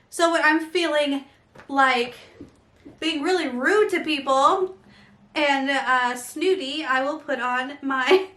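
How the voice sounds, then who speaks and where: Bright, gushing woman vlogger. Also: sits high, echoey room. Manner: gushing, excitable, many fillers. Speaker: vlogger unboxing an advent calendar. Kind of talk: casual unboxing chat.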